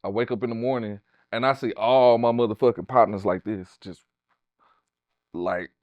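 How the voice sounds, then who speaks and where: A middle-aged man from Houston, telling animated, profane stories as an interview guest. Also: fairly low pitch, moderate pace, dry recording, highs cut off. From Houston, Texas. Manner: profane, animated, street slang. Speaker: guest, tattoo artist. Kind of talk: casual storytelling interview.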